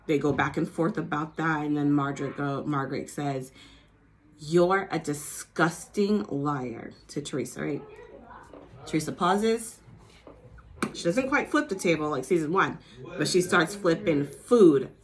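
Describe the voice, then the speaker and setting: Her voice is low, unhurried and fairly bright. She chats about a reality TV episode, sprinkling in "like" and "you know" and now and then mimicking the cast with a mock New Jersey accent.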